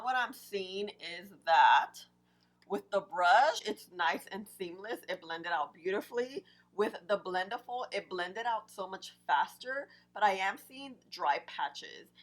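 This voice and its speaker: A young woman with a fairly deep, early-morning voice, chatting excitedly to viewers as she reviews and applies makeup. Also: rough recording. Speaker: beauty vlogger.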